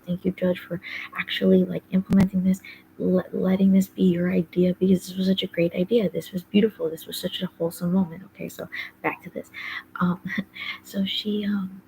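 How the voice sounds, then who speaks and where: A woman's voice: fairly low pitch, level tone, a little fast, creaky, mellow, a little hiss or hum, rough recording. A woman hosting a podcast, talking casually and rambling with many fillers, often dropping into a whispery undertone. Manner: rambling, heavy use of fillers like "like" and "um". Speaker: podcast host. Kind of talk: casual personal monologue.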